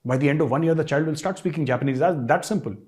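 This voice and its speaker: A man's voice: a little high, racing, a little mellow. A middle-aged man with an Indian English accent, hosting a commentary monologue, emphatic and full of rhetorical questions and repeated points. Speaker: host.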